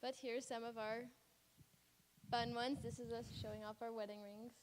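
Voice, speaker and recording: A woman's voice: fairly high pitch, flat delivery, normal speed, background noise. A woman giving a casual, chatty slideshow report on a mission trip, laughing often as she talks. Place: church sanctuary. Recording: reverberant church hall.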